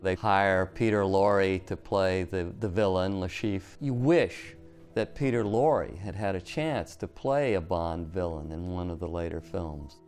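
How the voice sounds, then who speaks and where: A man's voice: low-pitched, measured pace, a little mellow, faint music behind. A man giving reflective, opinionated comments in a documentary interview.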